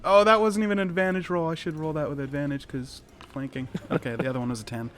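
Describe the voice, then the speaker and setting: A man's voice: fairly high pitch, steady tone, quick pace, a bit bright. A man narrating a tabletop game as game master, chuckling and rambling, often correcting himself mid-sentence. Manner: laughing, rambling, self-correcting.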